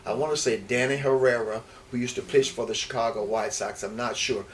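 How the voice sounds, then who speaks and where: A man's voice: mid-range voice, fairly quick. Older man reminiscing, heard from a distance. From Houston, Texas. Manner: rambling, repeats words and restarts, grows lively recalling stories. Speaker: interviewee, former baseball player. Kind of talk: reminiscing storytelling in an interview. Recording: distant mic with faint background noise.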